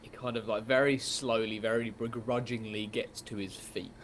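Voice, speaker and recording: A man's voice: on the low side, fairly even intonation, normal speed, a little hiss or hum. A man narrating as game master, hesitant and full of ums.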